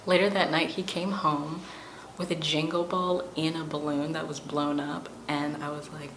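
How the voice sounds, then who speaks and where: A young woman hosting a travel vlog, telling stories in a wry, deadpan way with playful asides. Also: sits low, moderate pace. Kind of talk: casual storytelling to camera. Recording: echoey room with background noise.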